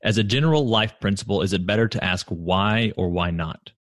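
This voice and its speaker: A man hosting a podcast interview, asking questions in a measured, reflective way. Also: fairly low pitch, a bit bright, no echo, studio quality. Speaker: podcast host.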